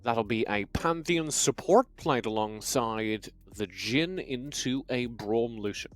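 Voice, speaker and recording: Young male esports caster, animated delivery, slightly hoarse voice. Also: mid-range voice, takes it slowly, soft background music. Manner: lively, upbeat and joking. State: a little hoarse. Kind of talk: live play-by-play commentary.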